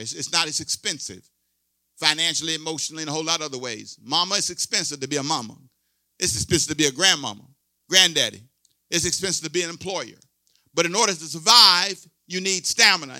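A man in his sixties preaches with a high, piercing tone, leaning hard on repeated words and calls for response. The sound is dry and close, with no room around it. He swings between quiet asides and loud exhortation. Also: dry recording. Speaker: pastor. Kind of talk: sermon.

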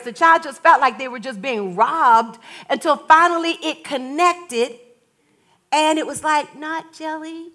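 An older woman and grandmother preaching a sermon, telling stories in a lively way and laughing often. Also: sits high. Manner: storytelling, animated, laughs often.

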